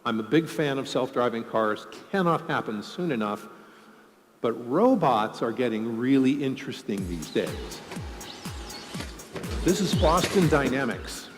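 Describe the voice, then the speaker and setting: A man's voice: medium pitch, very animated, measured pace, soft background music. A man giving a conference keynote, joking and explaining with everyday examples. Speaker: conference speaker. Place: large conference hall. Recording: long hall reverb.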